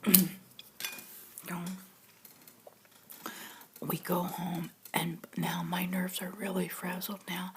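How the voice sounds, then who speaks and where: A middle-aged woman telling a family story in a soft, half-whispered voice that keeps breaking into laughter. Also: on the low side, level tone, slow, long pauses, heavy background noise.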